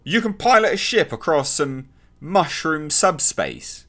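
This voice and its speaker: Sarcastic man with a lively voice. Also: a little high, unhurried, soft background music. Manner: sarcastic, exasperated, mocking impressions. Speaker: TV show reviewer. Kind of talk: casual spoken review.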